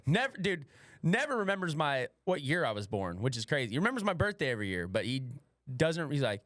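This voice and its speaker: A man's voice: on the high side, very animated, fast talker, fairly bright tone, dry recording. A man in his twenties hosting a casual podcast. He rambles crudely and laughs often. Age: 20s. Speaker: podcast host.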